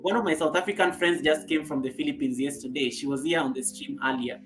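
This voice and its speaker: A woman's voice: sits low, fairly even intonation, quick pace, music in the background. A woman from Kenya with a Kenyan accent, hosting a casual live stream and chatting with viewers, laughing often and repeating herself.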